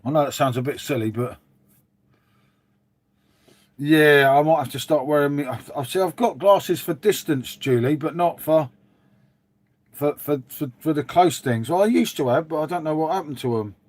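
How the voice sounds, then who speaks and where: A man's voice: a little high, moderate pace, long pauses. A middle-aged man hosting a casual livestream from his dim room at home, rambling and calling his viewers "mate" as he answers them. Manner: chatty, rambling, says "mate" a lot, reads and answers viewers. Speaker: livestream host. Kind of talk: casual live-stream chat.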